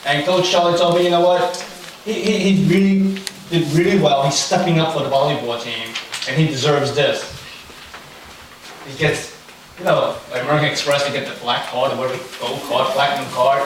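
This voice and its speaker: A man's voice: mid-range voice, steady tone, fairly quick, a bit bright. A young man preaching in a casual, storytelling way, chatty with many fillers. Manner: chatty, anecdotal, lots of fillers. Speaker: pastor. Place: church hall. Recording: very echoey room, far from the mic, faint noise.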